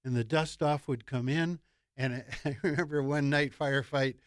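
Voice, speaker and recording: An older man tells stories from his service as a podcast guest. His voice sits at a middle pitch, and he is wry, with small chuckles along the way. The sound is dry. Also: steady tone, normal speed, dry recording. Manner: wry anecdotal storyteller, light chuckles. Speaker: guest, veteran. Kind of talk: interview storytelling.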